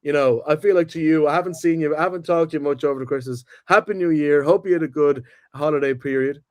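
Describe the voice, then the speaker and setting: A young man co-hosting a sports podcast, chatting excitedly and swearing freely. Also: on the high side, quick pace. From Ireland or UK. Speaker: podcast co-host. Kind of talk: casual chat.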